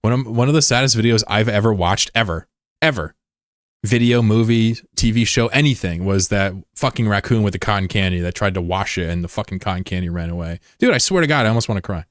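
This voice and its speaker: A man streaming a game and chatting casually, rambling and swearing, who jumps into high-pitched shouting when something excites him. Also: quick pace, no room sound, clean studio sound. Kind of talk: casual live-stream chat over gameplay.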